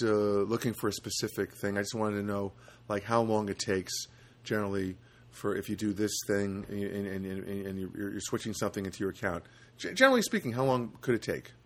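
A man's voice: lowish voice, a bit bright. A man hosting a solo podcast, talking casually and rambling, with lots of fillers and restarts. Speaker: podcast host.

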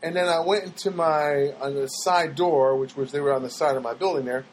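A man's voice: a little high, fairly quick, slight background noise. A man telling meandering comic stories in a wry, self-mocking monologue, acting out the people he quotes.

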